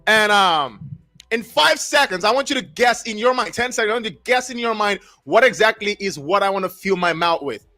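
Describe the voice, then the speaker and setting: A man hosting a casual live stream, talking in an excitable, repetitive, slangy hype style. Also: high-pitched, fairly quick, soft background music. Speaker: livestream host.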